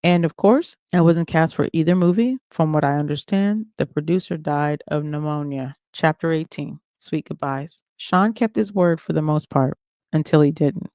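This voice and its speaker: A man narrating a dramatic first-person memoir in a steady, matter-of-fact way. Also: on the high side, moderate pace, clean tone, dry recording, studio quality.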